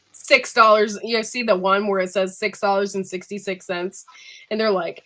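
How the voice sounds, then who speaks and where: A woman's voice: mid-range voice, big pitch swings, unhurried, pushed and bright. A woman hosting a casual live-stream chat from home, sick and coughing, chatty and laughing often. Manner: chatty, laughing, says freaking a lot. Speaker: host.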